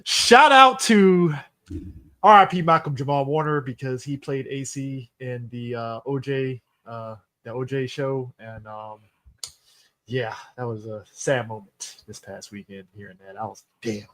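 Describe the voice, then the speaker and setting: A man co-hosting a casual movie podcast, excitable and swearing freely as he retells scenes. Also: medium pitch, moderate pace. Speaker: podcast co-host. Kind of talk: casual chat.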